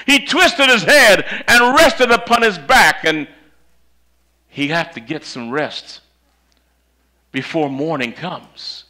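Man preaching, high and bright voice, slow and lively, dramatic storytelling. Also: poor audio. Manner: dramatic, swings from loud to hushed. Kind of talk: sermon storytelling. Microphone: handheld or stand mic that cuts out.

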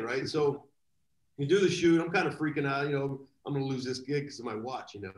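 A man telling rambling, animated anecdotes as a guest in a live video chat. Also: mid-range voice, brisk, reverberant, low-quality recording. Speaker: guest drummer. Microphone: video call.

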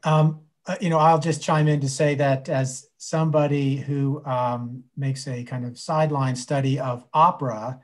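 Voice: mid-range voice, steady tone, moderate pace, few pauses. A moderator reads audience questions aloud at a lecture. The delivery is hesitant, with many fillers between phrases.

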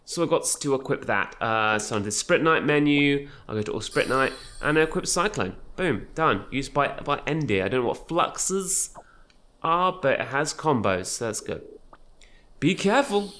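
A man's voice: medium pitch, expressive, normal speed, pushed and bright. A man giving chatty, jokey let's-play commentary as a gaming YouTuber. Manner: chatty, jokey, thinking aloud.

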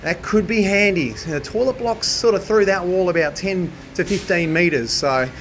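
A man with an Australian accent vlogging on a drain job, excitable and jokey, full of slang, and hungover. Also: high voice, moderate pace, a little hiss or hum. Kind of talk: casual on-the-job vlog. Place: restaurant on a job site, walking around.

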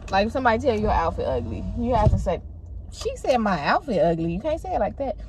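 A woman's voice: medium pitch, very animated, fast talker. Chatty woman vlogging in a noisy car. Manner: candid, profane, playful voices. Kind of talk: casual car vlog.

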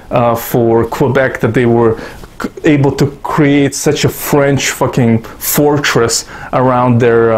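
A man's voice: medium pitch, a little mellow. A Russian-born man giving rambling, sarcastic commentary to his YouTube audience, swearing constantly and making self-mocking asides. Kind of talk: profane casual commentary to camera.

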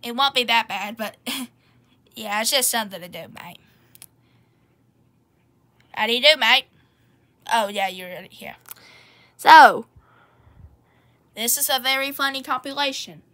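A woman's voice: on the high side, unhurried, pauses often, sharp tone. A woman playing rambling "mate"-saying Australia. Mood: chatty. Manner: ends nearly every sentence with "mate", rambling. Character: Australia as a country character, chatty, says mate constantly. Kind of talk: playful home role-play video.

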